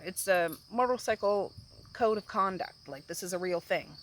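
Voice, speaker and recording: A woman hosting a casual book chat, rambling and animated as she recaps a story. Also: mid-range voice, normal speed, a little hiss or hum, low-quality recording. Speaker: book review host.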